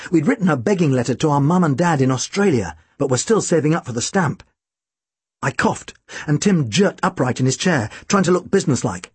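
Husky man reading an audiobook. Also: a little high, darkish tone, no room sound. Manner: dry, wry storytelling. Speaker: audiobook reader. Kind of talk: audiobook narration.

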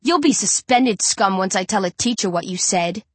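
A woman's voice: medium pitch, expressive, moderate pace, husky, no room sound. A woman voicing a defiant older schoolgirl who speaks firmly and indignantly. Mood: scornful. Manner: indignant, firm.

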